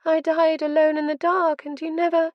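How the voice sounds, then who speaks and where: Woman narrator doing a ghost mom begging, teary and high, kinda haunting. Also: slow pace, dry recording, lo-fi sound. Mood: pleading. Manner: pleading, tearful. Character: ghostly pleading mother, grief-stricken apparition.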